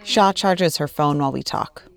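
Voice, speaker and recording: A woman radio producer narrating a story in a calm, matter-of-fact way. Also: deep voice, moderate pace, creaky.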